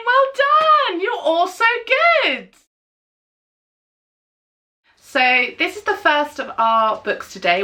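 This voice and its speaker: Bright English woman for a toddler storytime read-aloud, slow, playful and coaxing. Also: on the high side. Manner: animated, coaxing, making animal sounds. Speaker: children's storytime leader. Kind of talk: reading a touch-and-feel book to young children.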